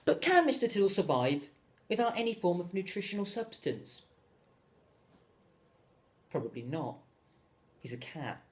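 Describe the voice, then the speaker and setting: Young guy doing a deadpan comedy monologue, rambling and full of himself. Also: a little high. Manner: deadpan, self-absorbed, rambling asides. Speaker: comedic character narrator.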